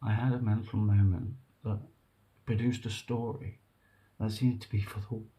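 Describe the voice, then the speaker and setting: A man talking to camera in an emotional, rambling monologue, halting and earnest, breaking off and restarting. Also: on the low side, little pitch movement, mellow. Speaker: vlogger.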